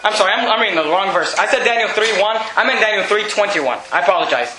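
A man's voice: high voice, expressive, fast, pushed and bright, a little hiss or hum. A male pastor preaching an emphatic, repetitive sermon in a church. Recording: very echoey room.

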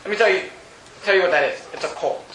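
A man preaching a sermon in an animated, mocking way, often laughing as he talks. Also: sits high, fast talker, echoey room, slight background noise, rough recording.

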